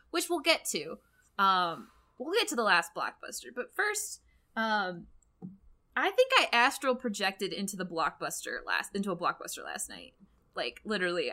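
Bright-voiced young woman podcast co-host. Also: mid-range voice. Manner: animated, gushing comic-book fan with many fillers. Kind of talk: casual chat.

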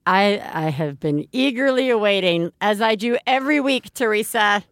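A woman's voice: medium pitch, expressive, normal speed. A woman in her thirties co-hosting a parenting podcast, rambling and laughing through casual chat. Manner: rambling, lots of fillers and restarts, laughs easily. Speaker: podcast co-host.

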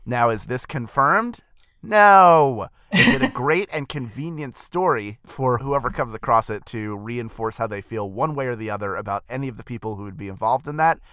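A man's voice: mid-range voice, animated, normal speed, bright, forceful tone, clear, resonant tone, no room sound. Musing man on a dry close mic. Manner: musing, hedging, talks through ideas aloud. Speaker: podcast co-host. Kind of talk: casual chat.

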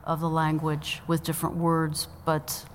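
Lower-voiced woman answering a quiz. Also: completely flat delivery, unhurried, slight background noise. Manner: thoughtful, hesitant. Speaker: quiz show guest. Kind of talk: live quiz show answering. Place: live stage.

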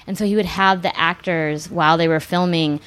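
A woman's voice: on the low side, fairly even intonation, a little fast, a bit bright, a little hiss or hum. A woman guest on a podcast, telling stories in a rambling, digressive way full of restarts. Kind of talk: casual chat.

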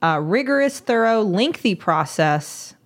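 A woman's voice: mid-range voice, animated, unhurried. A woman doctor co-hosting a podcast, explaining things casually with some hesitations and teasing. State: recovering voice after illness. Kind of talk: casual chat.

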